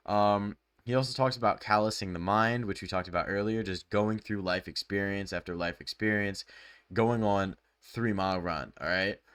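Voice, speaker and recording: A man's voice: fairly low pitch, a bit bright, no echo, clean studio sound. A young man casually summarizing a self-help book, chatty and loose with lots of filler words. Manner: loose and chatty, full of "like" and "bro".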